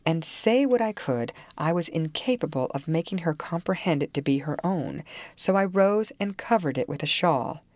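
A woman narrating a classic novel in a measured, calm storytelling manner. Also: deep voice, dry recording. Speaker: audiobook narrator.

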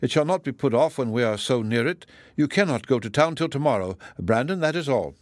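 A man voicing a hearty, insistent country squire who talks over others, raised and loud. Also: mid-range voice, expressive, a little fast, no room sound, close to an everyday voice. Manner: bluff and insistent.

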